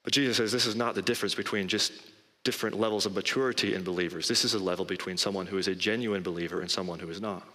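A man preaching a sermon as pastor, emphatic and rising in pitch on key phrases. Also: steady tone, racing, sharp tone. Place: church sanctuary. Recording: long hall reverb.

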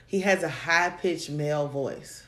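A woman co-hosting a casual chat about dating, telling stories in an animated way and laughing often. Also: sits low, a little slow. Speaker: podcast co-host. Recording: echoey room.

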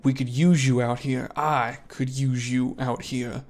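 A man voicing a weary, gruff older uncle who hunts monsters, in a tabletop game. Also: medium pitch, little pitch movement, measured pace, darkish tone, close to an everyday voice. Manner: tired, gruff, worn-down.

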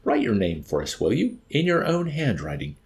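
A man's voice: medium pitch, wildly swooping pitch, moderate pace, darkish tone, voice pushed up. A man voicing a brutal army colonel who interrogates with sarcasm and scorn. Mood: bullying.

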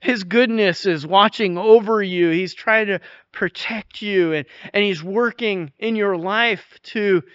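A man preaching a sermon in a conversational way, often restarting phrases and dropping to a soft, intense hush. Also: sits high, measured pace, smooth, no room sound, dull audio. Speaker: pastor.

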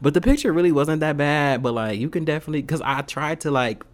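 A man's voice: a little high, fast talker. A young man venting in a casual storytime rant, heated and full of slang and swearing. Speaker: vlogger.

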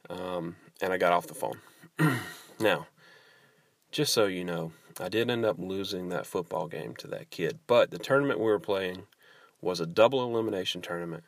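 A man's voice: low voice, gravelly, dry recording. A man, a youth pastor, telling a personal testimony in a rambling, casual way with many restarts and self-deprecating asides.

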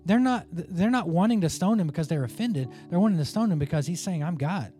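A man's voice: high-pitched, expressive, fast talker, warm tone. A man giving a conversational Bible teaching, earnest and informal, often restarting his sentences as he works through his thoughts aloud.

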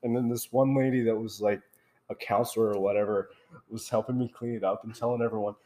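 Young guy on a podcast, animated, laughs a lot while telling stories. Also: on the low side, fast talker. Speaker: podcast host. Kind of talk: casual storytelling chat.

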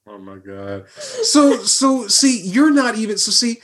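A man's voice: extremely high pitch, unhurried. A man co-hosting a podcast, ranting in casual banter with mock outrage. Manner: animated, mock-outraged ranting about collecting. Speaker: podcast co-host.

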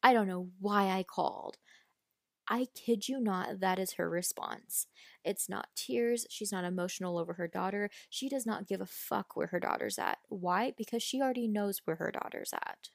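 A woman's voice: medium pitch, normal speed, gravelly, no echo, clean studio sound. A woman hosting a casual true-crime podcast, telling the story bluntly with swearing and indignant asides. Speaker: podcast host.

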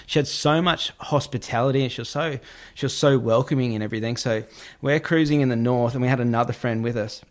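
A young man tells a story as a guest in a relaxed interview. His voice sits at an ordinary middle pitch, and he rambles loosely, with plenty of "like" fillers. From Australia. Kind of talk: casual storytelling.

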